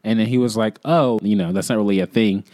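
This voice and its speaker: Young male podcast host, low-ish voice, chatty and rambling, dry close mic. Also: a little mellow, dry recording. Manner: chatty and rambling, quick bursts, frequent "like" fillers. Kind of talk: casual storytelling monologue.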